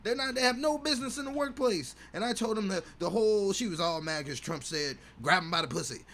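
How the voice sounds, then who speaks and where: A man's voice: high-pitched, expressive, fairly quick, gravelly, fairly bright tone, voice pushed up, heavily acted. A man voicing a bitter, self-pitying divorced middle-aged dad who rants about his lot, with faint hum behind. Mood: aggrieved whining. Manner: aggrieved self-pitying rant.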